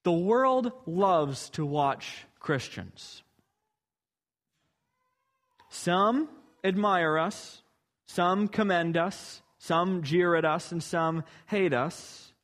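A man's voice: high-pitched, drawn-out words, a bit bright. A man preaching a sermon, earnest and emphatic, building to rhetorical questions.

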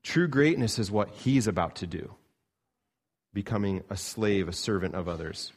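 A man delivers a sermon in a low voice. He preaches earnestly, rising to emphatic peaks and then dropping low. He is a pastor from Canada. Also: expressive, normal speed, slightly rough.

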